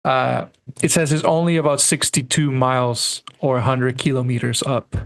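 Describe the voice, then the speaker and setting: A man on a casual podcast, reading numbered items aloud haltingly. His voice is strongly gravelly with lots of fry. His pitch sits in the middle range. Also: level tone. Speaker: podcast co-host.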